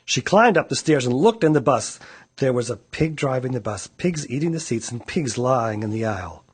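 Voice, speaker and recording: A man reading a children's picture book aloud in a playful, animated way. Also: mid-range voice, moderate pace, husky. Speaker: storyteller.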